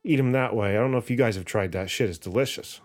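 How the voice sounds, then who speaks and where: Animated, laughing podcast host man. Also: lowish voice, fast talker, faint music behind. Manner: animated, laughs often, swears casually. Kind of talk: casual chat.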